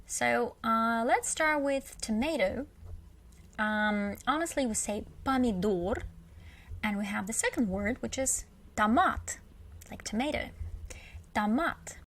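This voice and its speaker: A woman's voice: a little high, lively intonation, measured pace, a bit bright. A woman with a Russian accent teaching a beginner language lesson, patiently repeating example words with emphasis.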